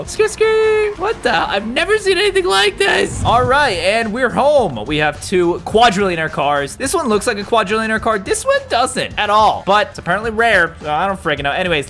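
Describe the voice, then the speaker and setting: A man narrating his gameplay in a fairly high voice that swoops up and down with every twist. He talks in an excited, jumpy way and breaks into yelps and shouts when something surprises him. Faint background music runs under his voice. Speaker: gaming YouTuber.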